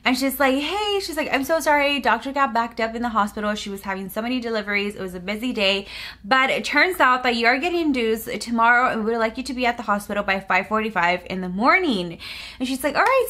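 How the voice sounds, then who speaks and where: Bright-voiced chatty young woman. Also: on the high side, quick pace. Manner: chatty, animated retelling with quoted dialogue. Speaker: vlogger. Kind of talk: storytime vlog.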